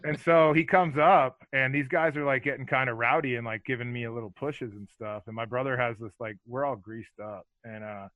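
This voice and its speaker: A man's voice: medium pitch, brisk, hardly any pauses, no room sound, highs cut off. A man telling rambling, profane stories in a casual chat, full of filler words and acted-out lines. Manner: animated, acts out other people's lines.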